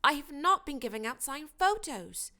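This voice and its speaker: A woman reading an audiobook, voicing a teenage wizard boy who talks in a heated, quick way. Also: high voice, very animated, sharp tone, voice pushed up, exaggerated voice.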